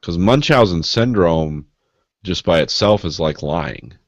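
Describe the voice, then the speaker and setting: A man co-hosting a podcast in casual banter, deadpan and self-mocking, laughing at his own jokes. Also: low-pitched, measured pace, no echo, dull audio. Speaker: podcast co-host.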